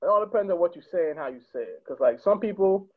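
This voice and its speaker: A young man from Connecticut tells comedy-club stories in a rapid, animated and profane way, laughing along as he goes. His voice sits a little high for a man. He comes through a narrow, tinny line that sounds like a phone call. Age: young adult. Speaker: stand-up comedian, podcast guest. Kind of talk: casual storytelling.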